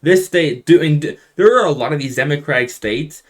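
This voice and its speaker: A man's voice: fairly high pitch, a little fast. A young man talking casually through election results on a map, often restarting his sentences and stressing surprises with rising emphasis. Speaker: political commentator.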